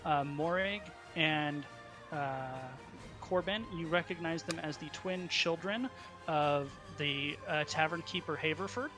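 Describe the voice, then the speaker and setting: A man narrating as dungeon master, halting often with ums and uhs. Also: fairly high pitch, music in the background. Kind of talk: narrating a tabletop game.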